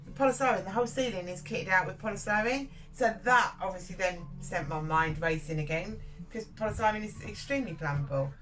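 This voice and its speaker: A woman's voice: medium pitch, brisk, over music. A woman chatting casually to camera about her worries, rambling, laughing often, recorded inside a narrowboat. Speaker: vlogger host.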